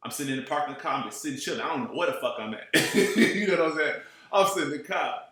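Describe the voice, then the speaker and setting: Animated man telling a street story in an echoey room. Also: a little high, quick pace. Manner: animated, profane, streetwise slang, keeps asking "you know what I'm saying". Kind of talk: casual storytelling.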